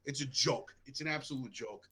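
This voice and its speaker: A man's voice: medium pitch, normal speed, pushed and bright, husky. A man co-hosting a podcast in casual chat, bluntly ranting as a critic. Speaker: podcast co-host. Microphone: podcast microphone.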